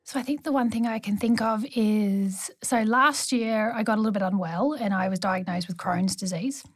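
A woman's voice: mid-range voice, moderate pace, dry recording, studio quality, soft background music. Earnest woman nurse telling stories. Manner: warm storytelling, earnest. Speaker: neonatal nurse practitioner, guest. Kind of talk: conversational interview.

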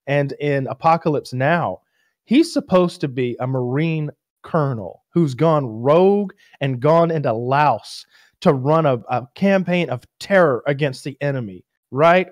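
A man telling a story casually on a podcast, his slightly high voice recorded close and dry. He swears freely and acts out the people in his story. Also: measured pace, no room sound. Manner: storytelling with profanity and acted-out quotes. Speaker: podcast co-host. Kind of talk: casual chat, anecdote telling.

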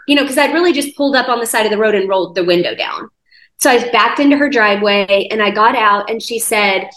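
A woman, a guest on a faith podcast, telling a personal testimony in a lively conversational way, with many "like" fillers. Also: medium pitch, fast. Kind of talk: conversational storytelling. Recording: roomy echo.

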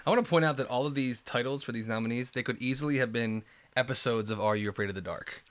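A man's voice: medium pitch, quick pace. A man co-hosting a podcast in casual chat, talking in a chatty, easygoing way. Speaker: podcast co-host.

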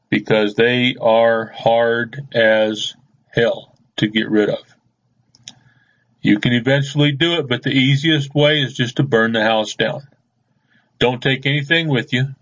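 Man, radio host, folksy rambling news chat, mid-pitched voice, muffled lo-fi sound. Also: fairly bright tone. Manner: rambling, folksy, laughs at his own stories. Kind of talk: casual news commentary.

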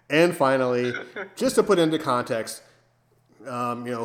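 A man's voice: a little high, sing-song, slow pace, long pauses. A man hosting a podcast, casually setting up jokes and playful scenarios for his co-host. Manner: playful storyteller, sets up jokes. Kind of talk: casual chat.

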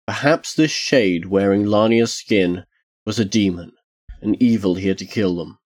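A man reading a dark fantasy tale aloud in a measured, solemn storytelling manner. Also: fairly low pitch. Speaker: narrator.

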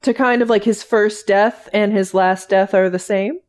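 A woman's voice: mid-range voice, fairly even intonation, moderate pace. A woman co-hosting a casual podcast, chatting about a TV show with lots of "like" fillers. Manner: chatty, many "like" fillers and restarts.

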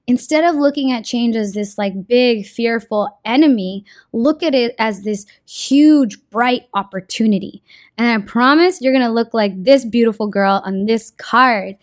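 A young woman gives casual spiritual advice in a slangy, earnest way, swearing freely. Her voice sits a little high. The sound is dry and close, with no room echo. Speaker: card reading vlogger.

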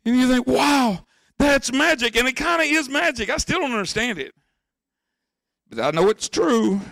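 Impassioned high-voiced male preacher, bright tone. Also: sing-song, normal speed, vocal fry, no echo, clean studio sound. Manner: impassioned preaching that swells into shouts; addresses the congregation directly. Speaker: pastor. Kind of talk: sermon.

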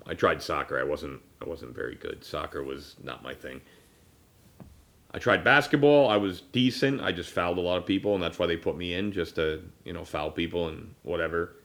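A thirtysomething man hosts a casual podcast in a deep yet fairly bright voice, speaking briskly. Rambling through personal conversation, he uses many fillers and restarts and at times becomes choked up.

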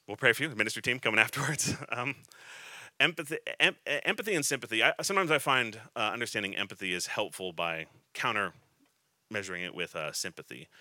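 Bright, dry-voiced man preaching casually. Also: medium pitch, dry recording. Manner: conversational, halting with restarts and light humor. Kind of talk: sermon.

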